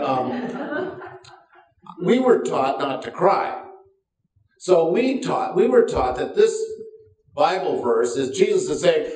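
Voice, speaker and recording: In a church sanctuary, an older pastor with a medium-pitched, darkish voice preaches a folksy, self-deprecating sermon full of wry asides. The sound is roomy, picked up from a distance.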